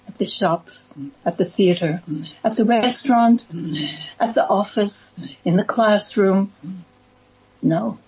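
A woman telling a religious story in a dramatic, emphatic way, with pauses. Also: medium pitch, darkish tone, husky, dull audio. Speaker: speaker. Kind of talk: storytelling talk.

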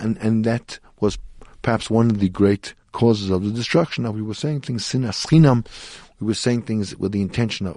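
A middle-aged man speaks as a rabbi hosting a Torah talk radio show, telling stories sprinkled with Hebrew and Yiddish terms. His voice is low. The sound is dry and close, with no room around it. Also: creaky, mellow, no room sound.

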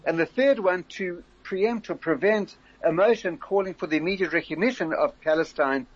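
A husky-voiced older man with a fairly high pitch speaks in a measured, explanatory way as a radio interview guest. He restarts phrases as he works through his points. The sound is muffled and lo-fi. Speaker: interview guest, former community leader.

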